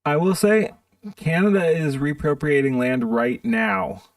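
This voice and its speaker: A man's voice: a little high, lively intonation, measured pace, dry recording, far from the mic. A man streaming live, ranting in a profane, exasperated way while reacting to videos. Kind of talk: casual stream commentary.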